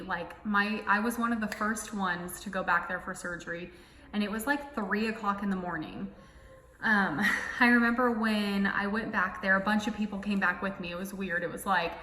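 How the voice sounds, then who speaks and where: Young woman vlogging, bright voice, lots of "like", echoey room. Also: mid-range voice, a little hiss or hum. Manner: casual, emotional, heavy filler "like". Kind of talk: personal storytelling.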